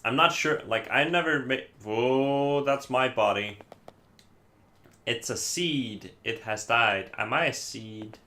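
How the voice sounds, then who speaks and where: A native Icelandic speaker from Iceland streams a game with casual commentary in English. He takes it slowly in a medium-pitched, sharp-toned voice, hesitant and rambling with many fillers.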